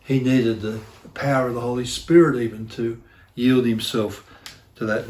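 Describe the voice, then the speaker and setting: A man's voice: medium pitch, fairly even intonation, normal speed, darkish tone, reverberant. A middle-aged man preaching a sermon as pastor, earnest and repeating key phrases for emphasis, with self-deprecating asides. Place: church.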